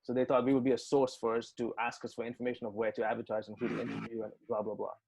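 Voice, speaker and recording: A man telling a story as a guest in a casual interview, animated, swearing and repeating words when he gets excited. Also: medium pitch, racing, vocal fry, breathy edge, low-quality recording. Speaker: metal band guitarist, interview guest.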